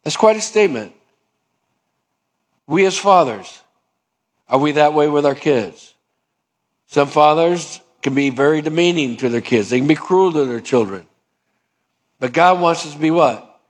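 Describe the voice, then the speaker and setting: A male pastor preaching a sermon in a conversational way, acting out both sides of little dialogues. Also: mid-range voice.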